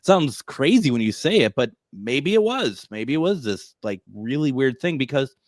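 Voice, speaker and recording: A man's voice: mid-range voice, very animated, moderate pace, dry recording, studio quality. A man hosting a casual radio talk show, chatty and laughing often.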